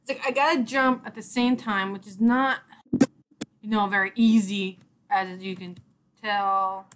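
Young woman gamer, rambling let's play chatter, mid-pitch, keeps groaning at the game. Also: steady tone, a little slow, a little hiss or hum. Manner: exasperated, rambling, mock-cursing at the game. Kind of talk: casual gameplay commentary.

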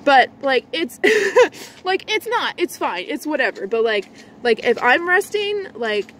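A woman's voice: very animated, slow pace, a little hiss or hum. Rambling woman vlogging outdoors. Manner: rambling, many likes and restarts; swings between a low lazy voice and a bright high one. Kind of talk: casual vlog chat.

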